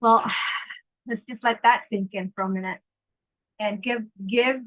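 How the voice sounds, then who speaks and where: A woman's voice: on the high side, fairly even intonation, a little slow, low-quality recording. A woman hosting an online group retreat, effusive and encouraging as she thanks a speaker and invites responses, over a video call. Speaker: retreat host. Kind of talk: facilitating an online group session.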